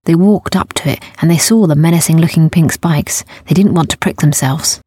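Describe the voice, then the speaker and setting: A woman narrating a children's story in a gentle, unhurried way, sometimes dropping to a near whisper. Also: sits low, husky, dry recording, studio quality.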